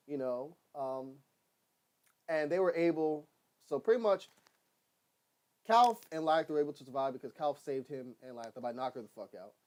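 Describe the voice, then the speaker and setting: A TV episode reviewer with a fairly high-pitched voice casually recaps an episode. He rambles excitedly, swears often and acts out what the characters say.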